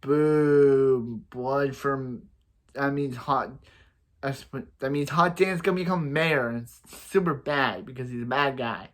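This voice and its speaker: A man's voice: mid-range voice, unhurried, sharp tone. Rambling young man recapping a TV episode. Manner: rambling, repetitive, playful with sound effects. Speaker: TV episode reviewer.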